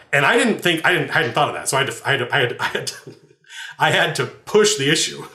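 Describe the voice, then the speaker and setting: A man's voice: on the high side, expressive, fast talker, sharp tone. A man and game master telling a story from his tabletop game in a rambling, laughing way with many restarts. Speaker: game master and podcast host. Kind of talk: casual anecdotal storytelling. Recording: roomy echo.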